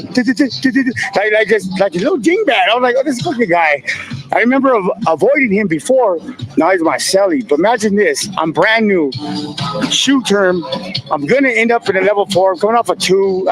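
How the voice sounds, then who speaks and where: A man's voice: high voice, rough recording. A man in his fifties casually telling stories from his past, using laid-back street slang and laughing now and then. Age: 50s. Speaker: guest. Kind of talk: casual storytelling.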